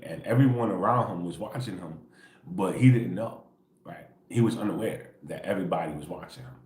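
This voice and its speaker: A man hosting an early-morning spiritual livestream, talking casually and quietly in a rambling way, dropping "bro" and "right?" constantly and chuckling often. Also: deep voice, roomy sound. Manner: laid-back, rambling, peppered with "bro" and "right?".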